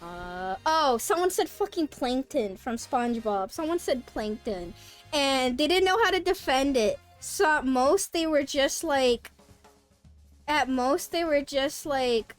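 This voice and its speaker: A young adult woman streamer chatting with her viewers in an animated, dramatic storytelling way. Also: high-pitched, moderate pace, faint music behind. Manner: animated, dramatic storytelling with sudden shrieks and laughs. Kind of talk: casual chat with stream viewers.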